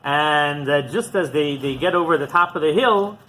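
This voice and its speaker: A man, a rabbi, teaching through an animated story and acting out the dialogue as he goes. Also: fairly high pitch, moderate pace, slight background noise, low-quality recording. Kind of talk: storytelling lesson.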